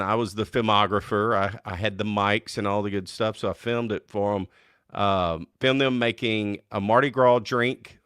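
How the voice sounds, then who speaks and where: North louisiana guy hosting his show, bright forward voice, lowish, dry close sound, laughs a lot. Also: clean tone, no echo. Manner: chatty, laughs often, excitable. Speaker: host. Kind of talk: casual chat.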